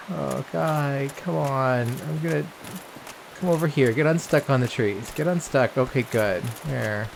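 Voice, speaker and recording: Gamer guy, mid-pitched, loose and swearing, talks to the screen; faint background hiss. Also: measured pace, vocal fry. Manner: chatty, profane, talks to game characters. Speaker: let's play gamer. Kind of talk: casual gameplay commentary.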